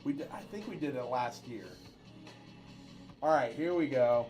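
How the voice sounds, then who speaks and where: A man's voice: mid-range voice, lively intonation, measured pace, a little mellow, faint music behind. A man co-hosting a casual livestream, rambling in chat and calling races with playful jokes. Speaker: livestream co-host.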